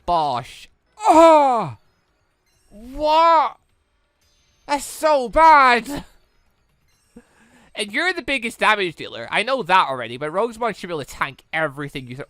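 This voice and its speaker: A man's voice: on the high side, big pitch swings, fast talker, hardly any pauses, bright, forceful tone, no echo. A man giving exasperated let's-play commentary, swearing often and talking back to the game. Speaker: gaming YouTuber.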